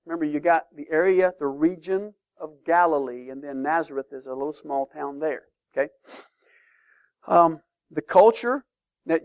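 A man teaching a sermon-style Bible lesson to a class, emphatic and lively, often checking in with questions. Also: a little high, clean tone, no echo, clean studio sound.

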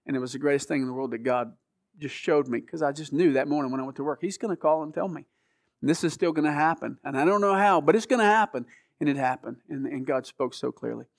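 A middle-aged man appears as a guest to give an earnest, emotional personal testimony, frequently restarting his sentences. His voice is on the high side, fast and gravelly, recorded in clean studio sound without echo.

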